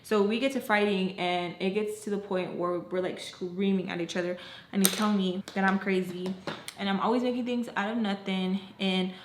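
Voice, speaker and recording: A young woman casually telling a storytime, acting out what people said with big jumps in pitch and saying "like" often. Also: moderate pace. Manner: animated, acts out quotes with jumps in pitch, frequent "like". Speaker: storytime vlogger. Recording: roomy echo, faint background noise.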